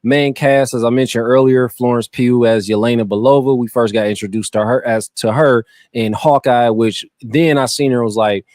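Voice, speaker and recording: A man's voice: mid-range voice, normal speed, few pauses, no echo, studio quality. A man hosting a podcast, chatting casually and loosely about a film, often tripping over names. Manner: relaxed, slangy, stumbles over names. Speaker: podcast host. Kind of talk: casual movie-review chat.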